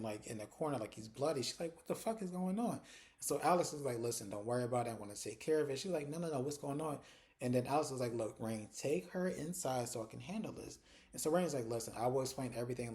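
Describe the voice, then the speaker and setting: A man casually recapping a TV drama episode, chatty and animated, acting out the characters' lines as he goes. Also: medium pitch. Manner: casual, uses "like" and "y'all" a lot. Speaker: TV recap host.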